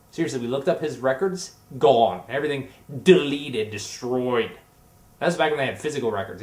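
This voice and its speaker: A man's voice: medium pitch, darkish tone. A young man vlogging, telling comedic stories in a rambling way and acting out the other people's voices. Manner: jokey, rambling, acts out voices in his stories. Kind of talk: comedic storytelling vlog. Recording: echoey room.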